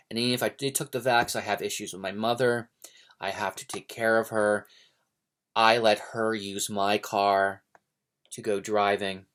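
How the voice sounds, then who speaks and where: A man's voice: on the low side, fairly bright tone. Rambling, hesitant American man. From United States. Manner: hesitant, many fillers and restarts; digressive, opinionated. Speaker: book vlogger. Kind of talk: casual rambling monologue.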